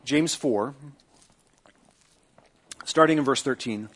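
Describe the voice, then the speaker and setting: Middle-aged male pastor, sermon delivery, rhetorical questions to the congregation, quieter when praying. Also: animated, normal speed. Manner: acts out quoted speech with lifted pitch; prays in a softer, lower voice.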